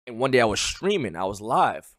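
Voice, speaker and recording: A young man streaming live, talking in an animated, loud way and swearing a lot as he argues his point. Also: medium pitch, fairly quick. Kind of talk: heated casual chat on a live stream.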